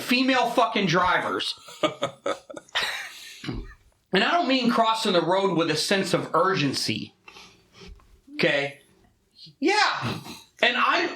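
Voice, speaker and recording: Animated, profane man telling stories. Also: high-pitched, reverberant. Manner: profane, animated storytelling with laughs. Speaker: podcast co-host. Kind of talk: casual chat.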